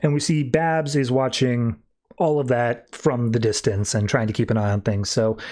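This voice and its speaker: A man's voice: medium pitch, fairly even intonation, moderate pace, a little mellow. A man hosting a podcast, loosely retelling comic book scenes in casual chat, with lots of "like" and paraphrased lines. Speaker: podcast host.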